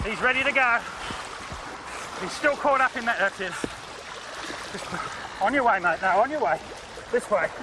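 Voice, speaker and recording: High-voiced Australian man on a boat. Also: animated, moderate pace, long pauses, noisy background. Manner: encouraging, keeps calling out to his mate. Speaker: fishing companion. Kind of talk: casual banter while handling a shark. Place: outdoors on a boat at sea. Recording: old TV footage with loud music. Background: loud music, boat.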